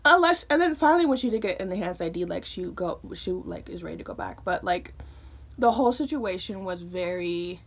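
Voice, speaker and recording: A woman in her early twenties from Michigan, telling a personal story to a phone camera in a chatty way, with lots of fillers and quick asides. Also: fairly low pitch, lively intonation, husky. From Michigan, USA. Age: early 20s. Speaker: vlogger. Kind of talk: casual storytime.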